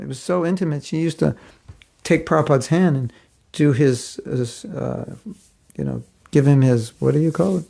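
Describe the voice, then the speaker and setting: A man's voice: mid-range voice, gravelly, darkish tone. A man giving a devotional class, telling stories in a conversational way and chuckling often. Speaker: spiritual teacher.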